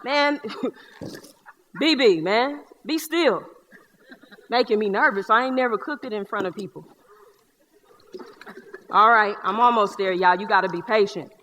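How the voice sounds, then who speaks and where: A woman's voice: medium pitch, a little slow, long pauses, slight background noise, close to an everyday voice. A woman in a one-person stage show playing a boisterous young Black man with a Southern accent, who talks in streetwise slang and tells stories with jokes. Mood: playful. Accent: Southern US (North Carolina). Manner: streetwise slang, joking, lively storyteller. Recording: live theater hall reverb.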